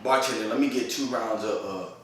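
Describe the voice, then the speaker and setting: A man tells a rambling story in loose, profane chat, laughing often. His voice is bright and a little distant from the mic. The room around him echoes heavily. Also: on the low side, moderate pace, a little hiss or hum. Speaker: podcast host. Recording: roomy echo, a bit far from mic.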